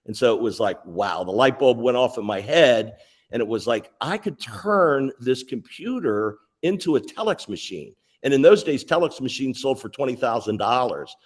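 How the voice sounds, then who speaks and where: Man in his 60s, guest on a sales interview, lively anecdotal storyteller. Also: mid-range voice, normal speed. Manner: animated, anecdotal, lists details.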